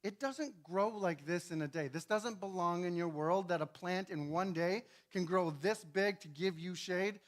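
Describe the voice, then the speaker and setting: A man voicing God as a calm, patient father figure who reasons gently in a lower, quieter voice. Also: measured pace, hardly any pauses. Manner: soft, low, reasoning gently.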